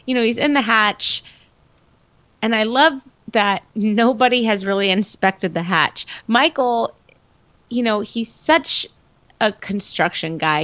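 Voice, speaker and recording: A woman chatting casually about a TV episode, animated and laughing, often mimicking characters. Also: mid-range voice, no echo. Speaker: podcast co-host. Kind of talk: casual TV recap chat. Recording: dull, lo-fi dry recording.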